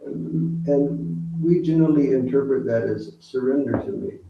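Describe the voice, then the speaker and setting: A man giving a spiritual talk, teaching slowly and asking the audience questions. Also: medium pitch, gravelly, slight background noise. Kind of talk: sermon. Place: temple hall with audience. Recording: roomy, distant, dull hall recording.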